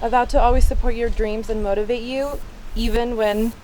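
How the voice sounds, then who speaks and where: A young woman with a fairly high voice reads her wedding vows, heartfelt and earnest. She is outdoors, with a faint hum of ambience and passing vehicles behind her. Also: fairly even intonation, a little fast, darkish tone, poor audio. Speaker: bride.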